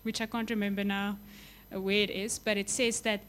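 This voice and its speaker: A young adult woman preaching a sermon, impassioned, building to emphatic peaks and then dropping to soft, quiet lines. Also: medium pitch, little pitch movement, fairly quick, slight background noise.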